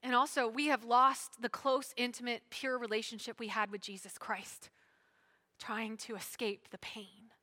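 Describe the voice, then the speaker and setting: Bright, dynamic woman preacher. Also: a little high, steady tone, measured pace. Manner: dynamic preaching, swinging between loud emphatic lines and hushed asides. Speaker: pastor. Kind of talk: sermon.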